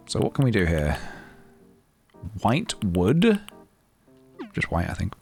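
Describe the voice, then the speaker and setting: A man's voice: deep voice, wildly swooping pitch, slow, gravelly, pauses often. A young man chatting playfully and rambling while live-streaming a game, breaking into sing-song noises. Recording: faint guitar music behind.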